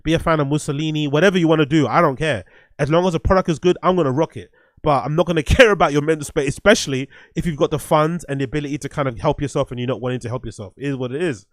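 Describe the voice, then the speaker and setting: Blunt man, fairly high voice. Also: very fast, dry recording, studio quality. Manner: blunt, profane, opinionated; thinks aloud with restarts and fillers. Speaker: podcast host. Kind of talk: casual livestream commentary.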